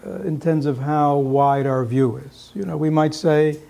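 A man giving a dharma talk to an audience, pausing often on fillers and checking in with rhetorical questions. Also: a little high, steady tone, creaky, mellow. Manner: halting, with many filler pauses. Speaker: dharma teacher.

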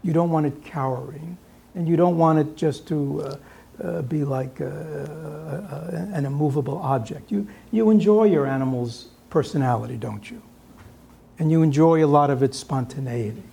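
A man giving a dharma talk to an audience, pausing often on fillers and checking in with rhetorical questions. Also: fairly high pitch, gravelly, mellow, slightly rough. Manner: halting, with many filler pauses. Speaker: dharma teacher.

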